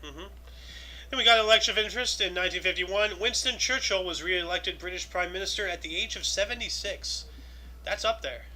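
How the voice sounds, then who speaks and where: A man's voice: high-pitched, fairly quick, bright, forceful tone, low-quality recording. A man co-hosting a casual chat, reading out history events and rambling loosely with lots of filler phrases. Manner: rambling, loose, many "you know"s. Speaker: co-host.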